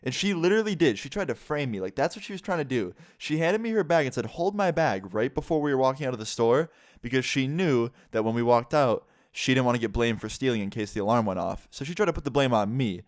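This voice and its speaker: A man's voice: medium pitch, quick pace, no room sound, clean studio sound. A man telling a personal story in a casual storytime vlog. He talks candidly, swears freely, fills his speech with "like" and acts out the other people in the story. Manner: animated retelling, voices the other people in the story.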